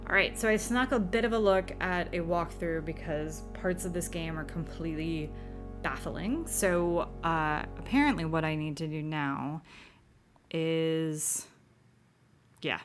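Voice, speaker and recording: A woman's voice: on the low side, moderate pace, music in the background. A woman playing through an old horror computer game, reading its text aloud with dramatic flair and dropping wry asides. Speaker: game streamer.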